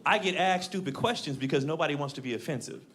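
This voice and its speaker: A stand-up comedian from Los Angeles, a man telling animated stories on a club stage through a handheld mic. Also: a little high, quick pace. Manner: animated storytelling with voiced characters. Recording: live audience laughing.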